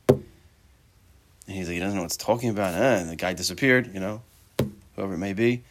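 A man's voice: low-pitched, normal speed, pauses often, noisy background. A man teaching a Torah class, talking casually, mixing Hebrew terms into his English and tossing out rhetorical questions and joking asides to his students.

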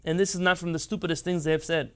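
A man's voice: a little high, fairly even intonation, very fast, fairly bright tone, smooth. A man giving an impassioned Torah lecture, emphatic and rhetorical. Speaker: rabbi.

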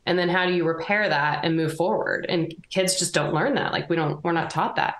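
A woman with a lower voice, speaking as a guest on a podcast. She explains her point earnestly, and her voice carries a roomy echo. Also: brisk, fairly bright tone. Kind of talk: casual conversation.

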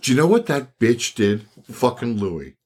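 An older man on a podcast, telling stories in a casual, animated way, swearing and laughing often. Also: medium pitch, moderate pace, slight background noise. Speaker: podcast host. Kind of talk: casual chat.

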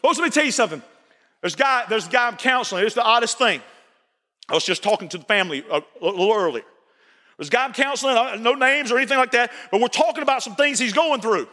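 A male pastor preaching a sermon, folksy and repetitive, building to shouts. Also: extremely high pitch, animated, quick pace, big-room sound. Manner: folksy, repeats phrases, rises to shouting. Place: church sanctuary.

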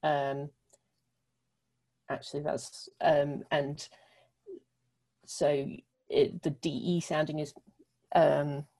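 A woman from the UK answers interview questions in a thoughtful, explanatory way. Her voice is low and mellow, and she pauses often on ums as she works through her points. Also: little pitch movement, poor audio. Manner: thoughtful, filler-heavy explaining. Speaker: literacy researcher guest.

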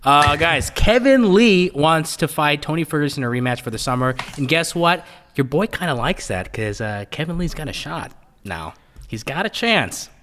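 A young man hosting a casual podcast chat, playful and jokey, often turning to pitch things to the audience. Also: lively intonation, moderate pace, fairly bright tone, slight background noise. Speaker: podcast host. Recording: long reverb.

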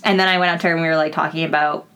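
A woman's voice: sits low, fairly even intonation, racing, sharp tone, slight background noise. A young woman co-hosting a podcast, telling stories in a casual, chatty way, full of "like" fillers and swearing. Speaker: podcast co-host. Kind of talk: casual chat.

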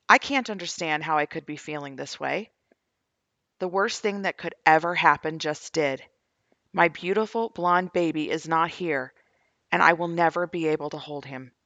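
A woman's voice: low voice, a bit bright, dry recording. A middle-aged woman, a grieving mother, reads her own journal posts aloud in an earnest, questioning way as she shares her faith testimony.

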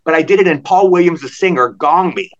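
Fast-talking older man telling stories, lo-fi. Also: fairly high pitch. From Maryland, USA. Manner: animated anecdotes, acting out quoted voices. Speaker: guest. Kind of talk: storytelling in a podcast interview.

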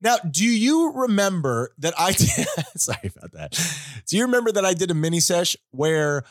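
Podcast guy rambling thru a story, kinda high voice, dry close sound. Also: normal speed, dry recording. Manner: animated rambling storyteller, quips. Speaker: podcast host. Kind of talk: casual podcast chat.

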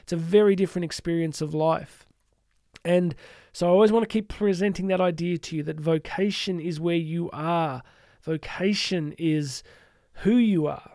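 A man hosting an inspirational podcast for teachers, speaking warmly with playful asides and slowing down for emphasis. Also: a little high, dry recording, studio quality. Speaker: podcast host.

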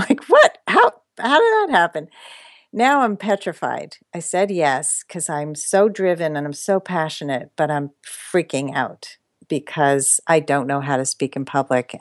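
Guest: middle-aged woman with a deep voice, lively storyteller, dry close sound. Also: no echo. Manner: animated, laughs often, expressive pitch swings. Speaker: guest, dating coach. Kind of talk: interview storytelling.

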